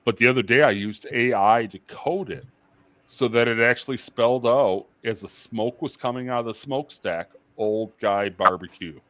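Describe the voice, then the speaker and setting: A man's voice: medium pitch, normal speed, fairly bright tone, no room sound. A middle-aged man chatting casually as a livestream guest, rambling with lots of fillers and restarts.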